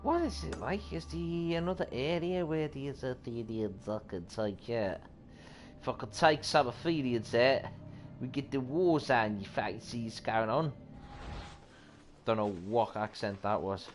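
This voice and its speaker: A young man casually commentating while he plays a video game, yelling at the screen and chuckling. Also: medium pitch, measured pace, a little hiss or hum. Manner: animated, yells at the game, chuckles often. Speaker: gaming channel host. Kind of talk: casual let's-play commentary.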